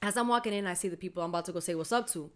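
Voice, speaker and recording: A woman co-hosting a podcast, telling a story in a lively, laughing way and acting out the dialogue. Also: on the low side, racing. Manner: animated, laughing, acts out dialogue. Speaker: podcast co-host. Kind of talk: casual storytelling chat.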